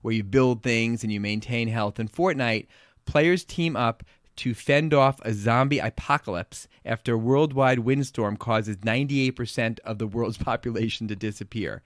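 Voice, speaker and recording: Blunt pediatrician with a Long Island accent. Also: male voice, medium pitch, moderate pace, dry recording, clean studio sound. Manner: opinionated, blunt asides. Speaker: podcast co-host, pediatrician. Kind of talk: casual health talk.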